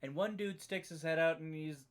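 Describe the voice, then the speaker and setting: Casting note: male co-host, slightly high voice, punchy storyteller who swears casually while recapping. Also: moderate pace. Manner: emphatic storyteller, swears freely. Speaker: book club podcast co-host. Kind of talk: casual chat, retelling a story.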